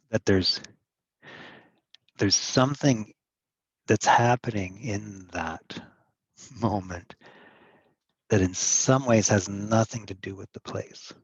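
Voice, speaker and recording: Man co-host, low, husky voice, very slow and halting, dry muffled sound. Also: no room sound. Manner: slow, halting, thoughtful, laughs often. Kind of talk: casual reflective chat.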